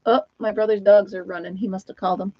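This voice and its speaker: A woman's voice: medium pitch, fairly even intonation, fast talker, dry recording. An older retired woman chatting casually on a live stream from home, rambling and laughing often. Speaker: host of a live knitting chat stream. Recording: dull, lo-fi, dry sound.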